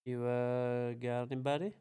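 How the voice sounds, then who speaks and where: A man's voice: mid-range voice, little pitch movement, moderate pace, warm tone, clean tone. A young man streaming a game, chatting casually in a joking, profane, laid-back way. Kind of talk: casual chat.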